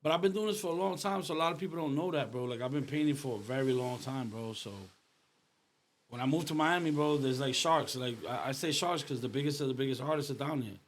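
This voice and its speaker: A man's voice: mid-range voice, fast talker, slight background noise. Slang-heavy man telling stories. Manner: animated storyteller, street slang, says "bro" often. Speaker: artist, guest. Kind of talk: casual conversation.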